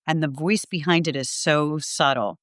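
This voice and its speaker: A woman's voice: low voice, moderate pace, a bit bright, dry recording, clean studio sound. A middle-aged woman, a Reiki teacher and podcast guest, telling a personal story in an earnest, heartfelt way with lots of "like".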